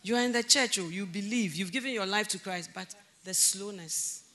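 A woman preaching a sermon in a church, animated, breaking into loud emphasis and laughter as she acts out conversations. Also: medium pitch, moderate pace.

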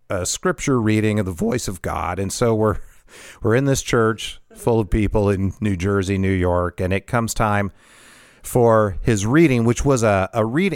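A man casually telling a funny story about his past in an animated way, laughing often and acting out what people said. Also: lowish voice, no room sound, studio quality.

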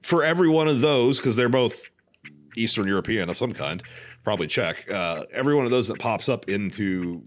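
A man co-hosts a casual movie-watch podcast, making crude remarks and wandering through his points with halting restarts. His voice sits on the low side. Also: animated. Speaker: podcast co-host. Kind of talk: casual chat over a movie.

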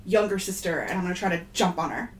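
A woman's voice: lowish voice, steady tone, quick pace. A woman playing a tabletop role-playing game, eagerly planning her character's moves. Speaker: player. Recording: echoey room with faint noise.

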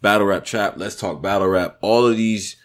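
A man co-hosting a casual podcast chat, animated and often laughing, his voice jumping high when amused. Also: moderate pace. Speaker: podcast co-host.

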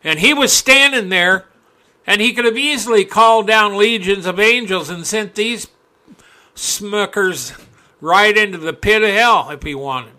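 A male preacher delivering a sermon, reading scripture aloud and breaking into folksy asides, climbing to loud, impassioned peaks. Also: high-pitched, a little slow.

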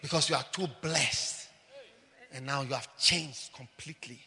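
A man preaching a lively, mocking, humorous sermon, often mimicking people. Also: medium pitch, normal speed, big-room sound.

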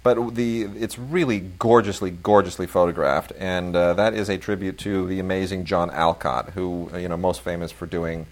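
A man's voice: low voice, fairly even intonation, moderate pace, few pauses. A man co-hosting a film podcast, chatting enthusiastically and rambling with many fillers about new releases.

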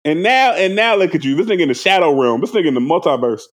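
A man's voice: fairly high pitch, expressive, fast. A man co-hosting a casual podcast, rambling in slang with lots of restarts. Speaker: podcast co-host. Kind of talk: casual chat.

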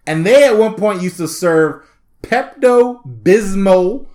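A man's voice: high voice, expressive, slow, darkish tone. A man co-hosting a casual comedy podcast, talking in loose slang. His voice swings up and down a lot as he acts out the people in his stories. He breaks into laughter often. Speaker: podcast co-host.

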